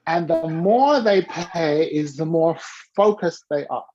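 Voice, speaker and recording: A man coaching a listener through an animated story, acting out the quoted dialogue with lively shifts in his voice. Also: a little high, slow pace, a crowd in the background. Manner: coaching tone, tells the listener to repeat key rules. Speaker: business coach. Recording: dull lo-fi recording.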